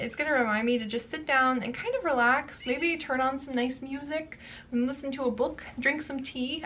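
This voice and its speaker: A young adult woman chatting casually through a book box unboxing, gushing and quick to exclaim over each item. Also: high voice, background noise.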